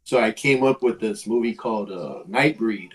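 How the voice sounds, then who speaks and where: A man's voice: lowish voice, normal speed, recorded from a distance, rough recording. A man co-hosting a podcast in casual chat, hesitant and heavy on filler words. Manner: hesitant, full of "like" and restarts. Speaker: podcast co-host.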